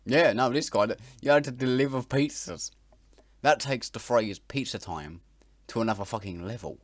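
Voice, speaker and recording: A man in a reaction video makes crude, mocking jokes full of profanity, stumbling over his words and breaking into loud laughter. His voice sits in the mid range at a moderate pace, and the recording is dry.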